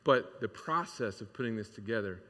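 A man in a church sanctuary preaching a sermon, candid and conversational, pausing on fillers and restarting his sentences. His voice is bright and forward, and a long reverb trails behind it. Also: on the low side, lively intonation. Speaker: pastor.

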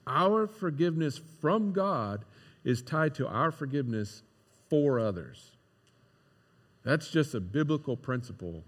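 A male pastor delivering a casual, animated sermon and acting out the voices in a parable. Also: mid-range voice, husky. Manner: conversational, animated, acts out quoted voices. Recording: long hall reverb.

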